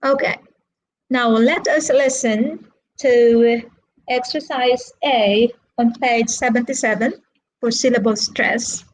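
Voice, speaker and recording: A woman teaching an online English lesson, speaking slowly and deliberately and repeating words to model their stress. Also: on the high side, fairly even intonation, rough recording.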